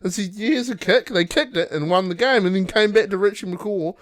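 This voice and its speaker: A young man with a New Zealand accent, co-hosting a casual podcast chat, laughing often and swearing freely as he tells animated stories. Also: high-pitched, a little fast, dry recording, clean studio sound. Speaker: podcast co-host.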